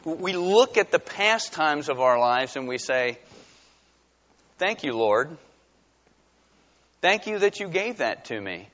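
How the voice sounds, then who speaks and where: A man's voice: fairly high pitch, very animated, slow pace, pauses often, a bit bright, in a large hall, lo-fi sound. A middle-aged man preaching a conversational sermon as pastor, building to emphatic peaks.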